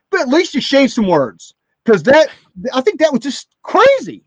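A man's voice: very high-pitched, huge pitch swings, normal speed, no room sound. A man co-hosting a podcast, talking casually and full of opinions, ranting with hesitant restarts. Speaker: podcast co-host. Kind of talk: casual chat about racing. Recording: slightly dull lo-fi audio.

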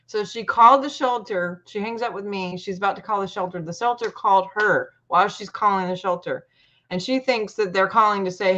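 A woman casually telling a long personal story in a chatty, animated way, acting out what people said. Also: mid-range voice, brisk. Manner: chatty, animated retelling with quoted voices. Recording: muffled lo-fi audio.

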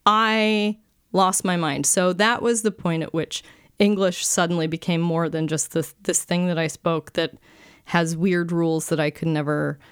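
A woman telling stories in casual chat, lively and acting out the voices she quotes. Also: fairly low pitch, unhurried, clean tone, no room sound, clean studio sound.

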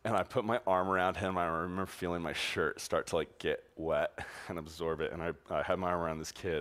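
A young youth pastor tells a story during a sermon to a youth group, animated and chatty, laughing along the way and filling his talk with "like" and "um." His voice is low-pitched and he speaks fast.

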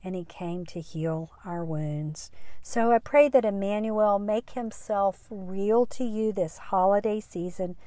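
A middle-aged woman hosting a podcast, speaking gently and earnestly with soft, breathy trail-offs. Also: fairly low pitch, no room sound. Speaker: podcast host. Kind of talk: encouraging podcast talk with prayer.

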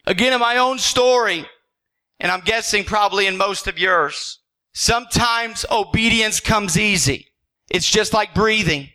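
A pastor preaching in a high, bright man's voice. He speaks earnestly and conversationally, stacking up rhetorical questions and checking in with his listeners. He often trips into quick restarts mid-sentence. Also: poor audio. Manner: frequent stammered restarts. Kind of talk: sermon.

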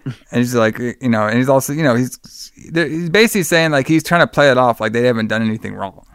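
A man in easy, rambling conversation, walking through a film's plot scene by scene. His voice is smooth and resonant, recorded close with no room sound. He leans on fillers and bursts higher and louder whenever he quotes a character. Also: expressive, quick pace, dry recording. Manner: rambling, lots of fillers, acts out quotes in a raised voice. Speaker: podcast host recapping a movie. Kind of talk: casual chat.

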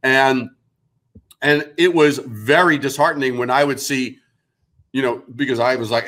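A man's voice: mid-range voice, moderate pace, fairly bright tone. A man in his sixties, a guest in a casual interview, talking emphatically and bluntly and swearing freely. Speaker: guest, branding expert.

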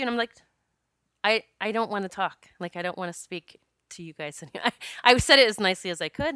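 A woman's voice: on the low side, animated, fast, bright, forceful tone, clear, resonant tone, dry recording, clean studio sound. A woman telling a personal story in a candid, casual way, laughing often and swearing freely.

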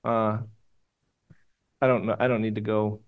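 Male pastor preaching, gets loud then goes quiet and prayerful, passionate. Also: lowish voice, little pitch movement, unhurried, clear, resonant tone, phone-quality sound. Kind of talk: sermon. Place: church room with congregation.

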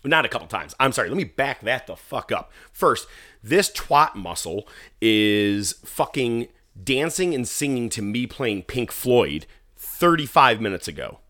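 A man telling a story in casual chat, animated and profane, acting out what people said. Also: mid-range voice, unhurried. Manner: animated, profane, acts out quotes. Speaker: guest musician telling a story.

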